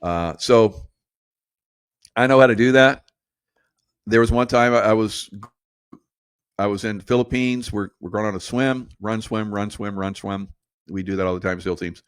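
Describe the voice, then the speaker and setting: A man's voice: lowish voice, normal speed, clean tone, dry recording, clean studio sound. A middle-aged man hosting a show, telling rambling stories in a casual, conspiratorial monologue and laughing between points. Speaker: show host.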